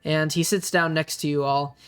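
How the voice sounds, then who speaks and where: A game master narrating a tabletop role-playing game, unhurried and full of ums and uhs. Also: mid-range voice, fairly even intonation, a bit bright, clean tone, soft background music.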